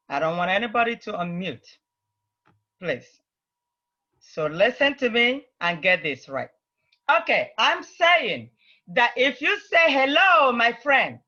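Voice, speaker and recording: A woman teaching an Igbo language class over a video call, patiently repeating phrases slowly for her learners. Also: on the high side, sharp tone, lo-fi sound. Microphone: computer mic on a video call.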